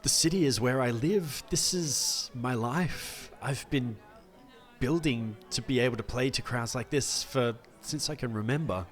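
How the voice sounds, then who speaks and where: A man's voice: mid-range voice, measured pace, natural voice. A man putting on a wistful young woman performer.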